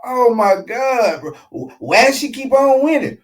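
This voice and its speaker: A man hosting a casual reaction commentary show, talking in an animated, slangy way with frequent asides. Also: extremely high pitch, a little slow, poor audio. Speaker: show host reacting to a clip.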